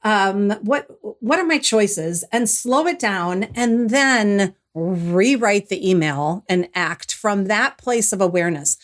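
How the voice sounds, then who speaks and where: A woman's voice: medium pitch, slow pace, few pauses. Middle-aged lady guest telling her story, thoughtful, lots of restarts. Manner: reflective, animated when retelling, frequent restarts. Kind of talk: podcast interview, personal storytelling.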